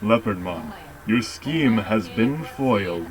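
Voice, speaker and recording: A grave, ancient knight creature voiced by a man reading a game aloud speaks in slow, measured, formal sentences. Each word is weighed and deliberate. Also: on the low side, animated. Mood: solemn.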